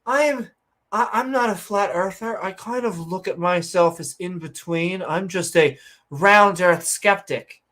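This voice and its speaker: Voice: mid-range voice, measured pace, a bit bright, lightly acted. A woman voicing a smug conspiracy theorist who insists they are only a round-earth skeptic, in a mocking send-up. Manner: mocking, self-justifying.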